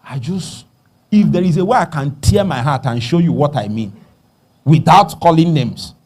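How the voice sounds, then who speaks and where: A man with a Nigerian accent preaching a sermon, dropping to hushed murmurs and rising to loud calls, asking the congregation to finish his sentences. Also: mid-range voice, expressive, normal speed, long pauses, breathy edge. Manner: call-and-response questions to the congregation.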